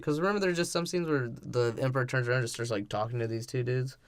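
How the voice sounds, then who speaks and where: A man's voice: medium pitch, fast talker, dry recording. Casual swearing podcast co-host man. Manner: laughs often, swears casually. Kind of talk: casual movie breakdown chat.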